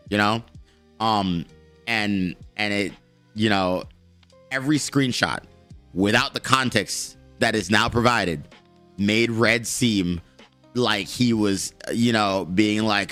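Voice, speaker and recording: A man's voice: fairly low pitch, moderate pace, fairly bright tone, soft background music. A man live-streaming, commenting bluntly and heatedly, with plenty of swearing as he reacts and reads aloud. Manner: blunt, profane, heated ranting.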